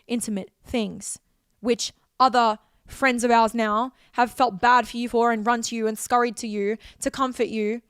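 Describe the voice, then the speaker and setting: Heated woman in her twenties, high and gravelly. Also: dry recording, studio quality. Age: 20s. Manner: heated, profane, emotional outpouring. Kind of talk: direct-to-camera vlog rant.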